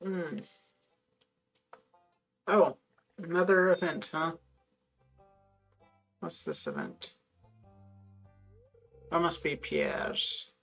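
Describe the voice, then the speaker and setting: A woman's voice: deep voice, wildly swooping pitch, very slow, long pauses, faint music behind. A woman streaming a farming game, chatting casually with wry, muttered asides. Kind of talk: casual gameplay chat.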